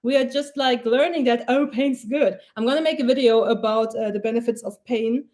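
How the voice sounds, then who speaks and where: High-voiced, foul-mouthed woman coach. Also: fairly quick, darkish tone. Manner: blunt, swears freely, rambling and laughing. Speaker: mindset coach. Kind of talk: casual live-stream pep talk.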